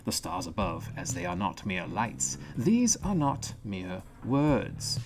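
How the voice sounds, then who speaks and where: A man voicing a grave male mystic reading old scripture, deep and slow. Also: very animated, exaggerated voice.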